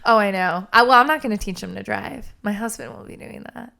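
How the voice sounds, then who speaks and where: A woman's voice: mid-range voice, a little fast, vocal fry, pushed and bright. A woman in her thirties from California, chatting casually as an interview guest, full of fillers and laughing through her stories. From California, USA. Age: 30s. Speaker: podcast guest.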